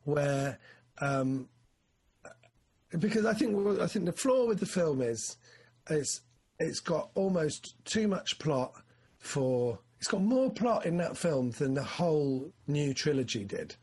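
Man, husky and a touch high-pitched; loose, rambling film chat with bursts of excitement. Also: slow pace. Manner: rambling, animated, acts out his excitement. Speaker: film discussion co-host. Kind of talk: casual chat.

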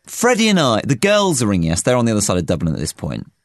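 A man's voice: lowish voice, fast talker, no echo, studio quality. A young man co-hosting a podcast, telling a rambling story in casual chat. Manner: rambling storyteller, lively and animated. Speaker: podcast co-host.

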